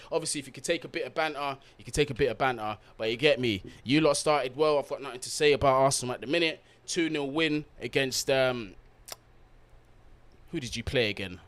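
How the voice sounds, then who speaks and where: A man hosting a live football watch-along, reading out viewers' comments and giving them shout-outs in an upbeat, slangy way. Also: medium pitch. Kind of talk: live-stream chat.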